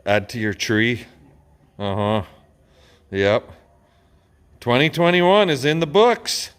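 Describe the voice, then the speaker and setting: Out on his farm among the machinery, a man who runs a farm channel rambles through a relaxed vlog chat full of drawn-out filler words. His mid-range voice swings widely in pitch and is a bit bright, clear, and resonant with no echo. The outdoor recording is noisy, with engine and outdoor sounds behind him.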